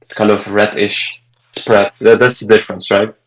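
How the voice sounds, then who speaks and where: A man's voice: lowish voice, level tone, normal speed, low-quality recording. A man chatting casually in an online book club call, explaining things loosely with lots of fillers and restarts. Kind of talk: casual online group chat. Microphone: video call microphone.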